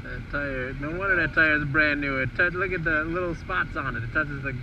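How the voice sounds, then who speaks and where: A man's voice: on the high side, brisk. A man giving casual, laughing commentary while riding along outdoors, swearing and exclaiming with amusement. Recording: lo-fi with loud road noise.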